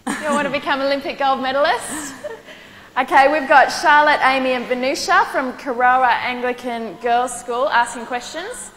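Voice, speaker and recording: A woman's voice: sits high, moderate pace, a bit bright. A woman hosting an event, opening a question session and pointing out audience members. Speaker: event host. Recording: hall reverb with crowd noise.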